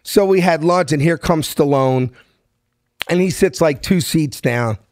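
A middle-aged man from South Philadelphia with a Philadelphia accent, a guest telling brash, animated stories and acting out the dialogue. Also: on the high side, measured pace, no room sound, clean studio sound. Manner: acts out dialogue in the stories, street-smart and brash. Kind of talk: animated storytelling.

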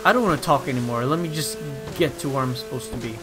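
A young man hosting casual gameplay commentary, excitable and swearing, ranting at the characters on screen. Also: medium pitch, fast, over music. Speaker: gaming video host.

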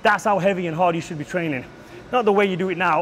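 A man's voice: high voice, a little fast, a little hiss or hum. A man coaching a gym workout, brash and profane, lecturing bluntly between heavy sets in a gym.

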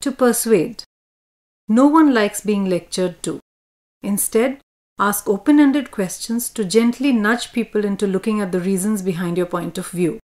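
A woman from India reading a scripted educational lesson on communication in a measured, instructive way. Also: mid-range voice, darkish tone. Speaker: lesson narrator.

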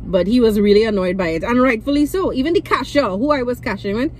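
A woman's voice: on the high side, quick pace, a little hiss or hum, poor audio. A young Trinidadian woman vlogging in a casual way, venting animatedly and acting out what people said. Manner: animated, venting, acts out quotes. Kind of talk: casual vlog storytelling.

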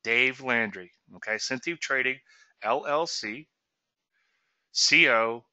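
Bright-voiced chatty man on trading. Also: mid-range voice, takes it slowly, dry recording, lo-fi sound. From Louisiana. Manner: chatty, sarcastic asides, keeps asking "okay?". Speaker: trading commentator. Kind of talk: webinar commentary.

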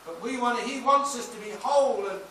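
Man, 60s, pastor. High, sharp, emphatic preaching delivery with storytelling; recorded at a distance in a booming church hall. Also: brisk, slight background noise. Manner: emphatic preaching with anecdotes and shouted praise. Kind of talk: sermon. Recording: echoey hall, mic off at a distance.

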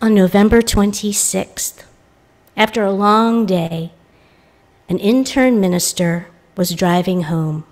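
An American woman intern minister giving a reflective sermon, telling a personal story and voicing the people in it with lively quoted lines. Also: mid-range voice, slow. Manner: reflective, animated when quoting others. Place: church sanctuary.

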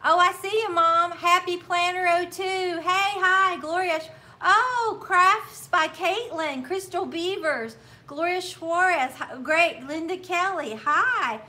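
A high, bright middle-aged woman hosts a casual craft livestream. She talks in an unhurried, cheerful way and warmly greets viewers one by one, reading their names and comments aloud into her computer mic. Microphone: laptop or phone mic.

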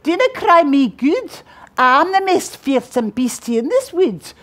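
A woman's voice: high-pitched, sing-song, measured pace, fairly bright tone, exaggerated voice. A woman voicing a small, plucky mouse who brags boldly in a Scots accent in a picture-book read-aloud. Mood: boastful. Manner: bold, boastful bluster.

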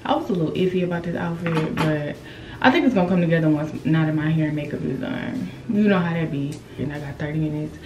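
A young woman vlogs straight to the camera, candid and profane, cracking up at her own mishaps. Her voice rings in a roomy, echoey space with steady noise behind her. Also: low voice, fast, distant mic. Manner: candid, swearing, laughing at herself. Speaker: vlogger. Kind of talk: casual vlog talk to camera.

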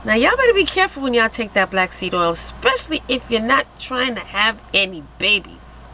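A woman vlogging to camera in an excited, giddy way, exclaiming and laughing. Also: a little high, brisk, a little hiss or hum, low-quality recording. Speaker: vlogger selling wellness products. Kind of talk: excited casual vlog to camera.

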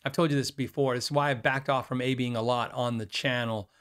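A man hosting a live guitar show, chatting casually and rambling, with fillers and quick self-deprecating laughs. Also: mid-range voice, fairly even intonation, a bit bright, clear, resonant tone. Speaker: host of a guitar livestream. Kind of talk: casual live chat reading viewer questions.

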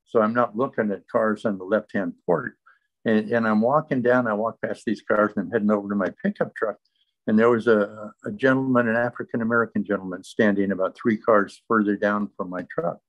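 A man's voice: lowish voice, steady tone, brisk, lo-fi sound. A man sharing his recovery testimony as an interview guest, telling the story earnestly and in close detail.

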